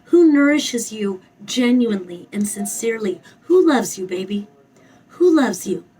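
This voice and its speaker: A woman's voice: fairly high pitch, expressive, unhurried, dark tone, husky, recorded from a distance, rough recording. A woman giving a spoken tarot reading, emphatic and blunt, swearing freely and repeating her phrases. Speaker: tarot reader.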